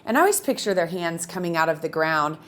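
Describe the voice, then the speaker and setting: A middle-aged woman coaching photographers in a casual talk to camera, animated and emphatic. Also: lowish voice, quick pace. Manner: animated and emphatic, acts out little voices.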